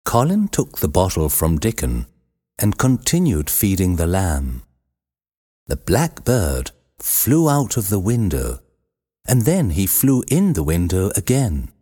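A man reading a children's storybook aloud as narrator, measured and expressive, with a husky voice. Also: low-pitched.

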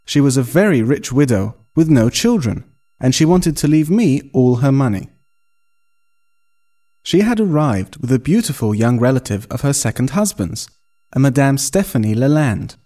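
A man reading a first-person story aloud in an expressive, storytelling manner. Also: medium pitch, moderate pace. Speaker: narrator. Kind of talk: scripted story narration.

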